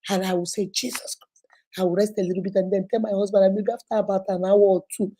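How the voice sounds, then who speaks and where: A woman's voice: mid-range voice, level tone, rapid-fire, dark tone, a little hiss or hum. A woman in her fifties hosting a casual live stream, chatting, laughing often and greeting viewers one by one. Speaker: host.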